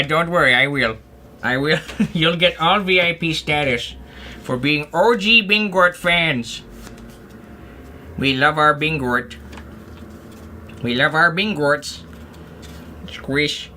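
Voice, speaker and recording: A man streams himself crafting and chatters to himself in a goofy, rambling way. His voice is bright and sharp, a little higher than most men's, and he talks at an unhurried pace. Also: a little hiss or hum. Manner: rambling, goofy self-talk with playful asides. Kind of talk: casual livestream chatter while crafting.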